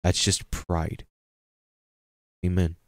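Man, pastor, sermon, low voice, dry close sound, lively preaching, repeats phrases, frequent amens. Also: very slow, dry recording. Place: church sanctuary.

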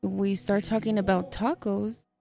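A woman interpreting a sermon into English live, speaking in short measured phrases with a gravelly voice. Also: mid-range voice, little pitch movement, mellow, soft background music.

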